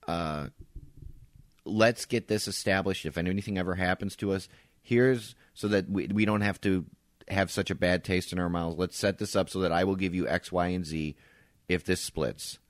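A man's voice: sits low, moderate pace, no echo, clean studio sound. A man co-hosting a podcast, telling stories in casual chat and swearing freely. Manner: relaxed storytelling, swears freely. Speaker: podcast co-host.

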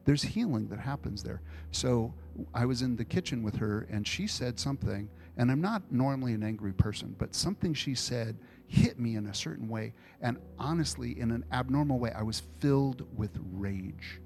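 A man's voice: mid-range voice, moderate pace, vocal fry, few pauses. A man preaching an informal sermon to a congregation, telling personal stories in a conversational way and taking questions. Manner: conversational storytelling, animated retellings. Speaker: pastor.

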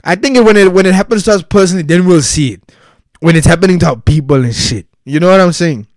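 A young man with a South African accent rants in a loud, slang-heavy and profane way, his voice sitting a bit high for a man. The sound is dry and close, with no room around it. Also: quick pace, no room sound. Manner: profane, heated, slangy rant. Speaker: commentator. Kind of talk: casual solo commentary.

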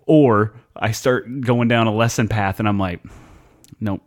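A man's voice: lowish voice, moderate pace. A man in his thirties hosting a casual podcast chat from a room at home, joking and swearing freely. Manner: profane, joking banter. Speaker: podcast host. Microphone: desktop mic at home computer.

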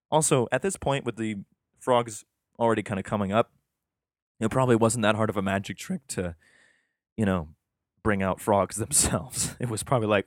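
Brief: low-voiced man, irreverent scripture commentary, sarcastic asides, dry close sound. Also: dry recording. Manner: profane, rambling, sarcastic asides; slow emphatic reading of scripture passages. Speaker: podcaster reading and commenting on scripture.

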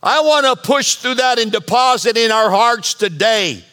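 Bright-voiced animated pastor preaching. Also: male voice, very high voice, moderate pace. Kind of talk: sermon. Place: church sanctuary.

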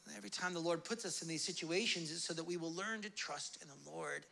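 A man's voice: on the high side, fast talker, creaky, hardly any pauses, pushed and bright. A man preaching a sermon as pastor, telling a Bible story with humor and acting out its characters.

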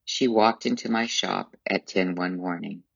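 Measured male memoir narrator. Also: low voice, vocal fry, fairly bright tone, dry recording, dull audio. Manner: measured, formal storytelling. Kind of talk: audiobook memoir reading.

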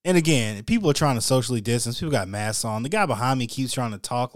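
A male podcast host telling a story solo in a casual, animated, slangy and wry way. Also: mid-range voice, fast talker, few pauses, no room sound, clean studio sound.

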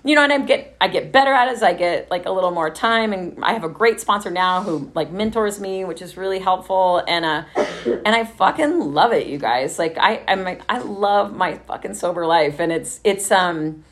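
A woman's voice: medium pitch, lively intonation, normal speed, slight background noise. A woman from Texas telling her recovery story in a casual, chatty way, swearing freely and laughing often.

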